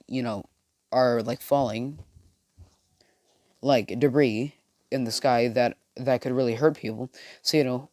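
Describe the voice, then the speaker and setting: A man's voice: medium pitch, a little mellow, no room sound, studio quality. Rambling young man telling a fan story. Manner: rambling, heavy fillers, many restarts. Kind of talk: casual improvised fan story narration.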